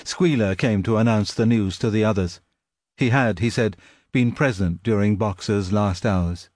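A man reading a story aloud in steady, measured audiobook narration. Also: on the low side, dry recording, clean studio sound. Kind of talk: scripted narration.

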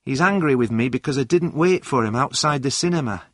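A man's voice: mid-range voice, lively intonation, a little fast, fairly bright tone, dry recording, clean studio sound, voice pushed up. A man voicing an earnest young woman in a read-aloud story, speaking in a raised, careful voice.

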